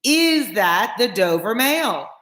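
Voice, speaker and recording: A woman's voice: deep voice, fairly even intonation, normal speed, natural voice. Woman reading as a rider calling from the mist. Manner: calling out, insistent. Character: male rider calling from the misty road. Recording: echoey room.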